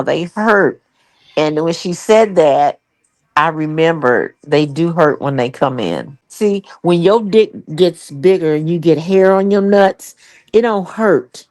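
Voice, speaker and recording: An older woman with a lowish voice speaks unhurriedly as a comedian guest in an interview. She tells candid, profane stories in an animated way, acting out the people in them with voiced quotes.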